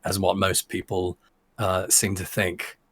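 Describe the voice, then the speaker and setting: A man's voice: sits low, monotone, unhurried, dry recording. A man talking on a podcast, chatty and sure of himself, explaining at length with plenty of fillers. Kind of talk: casual podcast chat.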